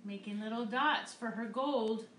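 A woman art teacher gives a live painting demonstration in an art studio, her voice on the high side, unhurried and a bit bright. She's upbeat and encouraging, talking through each stroke, with reverberant sound and a little hiss or hum.

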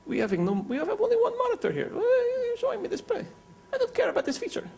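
A man voicing a grumbling male attendee who has only one monitor and objects to a feature demo, in a high, strained whine. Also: wildly swooping pitch, fast, vocal fry, a little mellow, slight background noise, full character voice. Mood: complaining.

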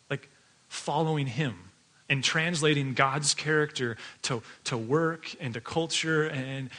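A man's voice: on the high side, fairly bright tone. A male pastor giving a conversational sermon that mixes in family stories, chatty and full of fillers, often laughing as he talks.

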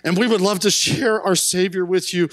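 A male pastor preaching a sermon in church, speaking earnestly and building to impassioned shouts at his peaks. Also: high voice, fairly even intonation, normal speed, no room sound. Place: church sanctuary.

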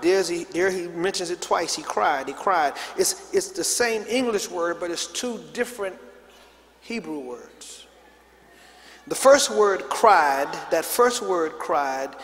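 In a large church sanctuary, a pastor's voice sits high and sounds a bit bright as he preaches. He calls out for the congregation to echo his words and answer him in call-and-response. The recording has slight background noise and the long reverb of a big hall.

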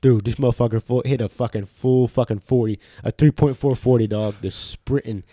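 A man co-hosting a loose podcast chat, spinning profane, animated stories and tossing "dog" into every other line. His voice sits in an ordinary middle pitch. It is picked up close and dry, with no room sound. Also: brisk, dry recording. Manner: profane animated storyteller, says "dog" a lot. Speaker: podcast co-host. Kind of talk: casual chat.

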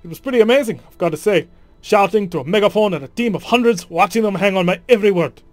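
A man's voice: high voice, expressive, fast, dry recording, pitched above the performer's own voice. A man voicing a chatty, proud female ship engineer in a game, putting on an accent that he admits he cannot do. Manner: attempted accent, awkward.

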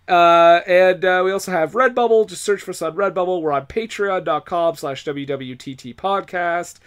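A man hosting a podcast in casual chat, rambling and joking, with frequent restarts. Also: on the high side. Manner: rambling, jokey, with many restarts. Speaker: podcast host.

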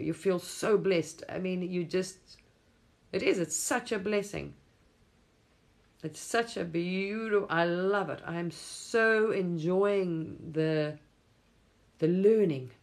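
Woman host with a lower voice, gushing and rambling about spirituality, quick to laugh, casual swearing. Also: fairly even intonation.

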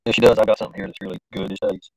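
A man's voice: on the low side, little pitch movement, rapid-fire, no room sound, rough recording. A man hosting a casual live stream, rambling and informal, often talking to himself as he works the screen. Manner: rambling, talks to himself while fiddling with the stream; informal, slangy. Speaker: livestream host.

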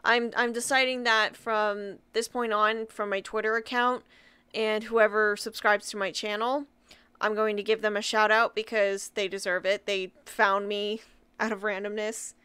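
Giggly young woman, clear voice. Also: mid-range voice, level tone, measured pace, pushed and bright, no echo. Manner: giggly, stumbling over names, apologetic. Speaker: YouTuber. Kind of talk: casual vlog shout-outs.

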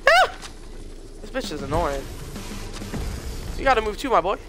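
A young man streaming a shooter game, reacting loudly, swearing often and yelping when surprised. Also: high-pitched, normal speed, over music. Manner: excitable, swears a lot, yelps and shouts in reaction. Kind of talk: live gameplay commentary.

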